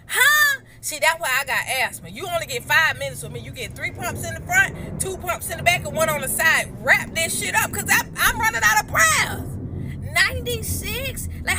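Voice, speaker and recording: A woman delivering a loud, animated comic rant that swings between shouts and low mutters.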